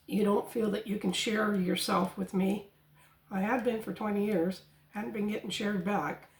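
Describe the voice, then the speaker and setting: A woman's voice: mid-range voice, steady tone, a little slow, pauses often. A woman hosting a spiritual channel, telling a personal story in an indignant, emphatic way and mimicking the people she quotes. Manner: indignant, quotes others in mock voices. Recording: echoey room.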